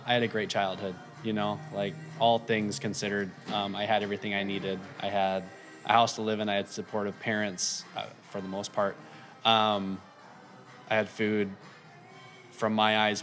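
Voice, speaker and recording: A man's voice: lowish voice, moderate pace, faint music behind. A man in his thirties with a faint Minnesota accent, chatting casually as a podcast guest and rambling with lots of ums. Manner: relaxed, rambling, many fillers. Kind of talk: casual interview chat.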